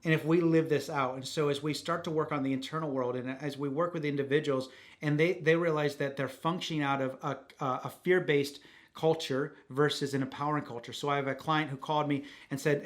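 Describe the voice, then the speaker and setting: A man's voice: fairly high pitch, fairly even intonation, fairly quick. A man coaching on a podcast, telling a client story and acting out both sides of the dialogue, with frequent restarts. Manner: repeats words, restarts sentences. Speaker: podcast host, business coach. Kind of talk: conversational teaching.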